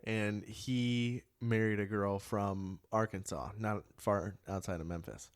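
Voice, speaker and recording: A man's voice: on the low side, takes it slowly. A young man co-hosting a podcast in casual chat, swearing freely, laughing often and trying out regional accents. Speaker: podcast co-host.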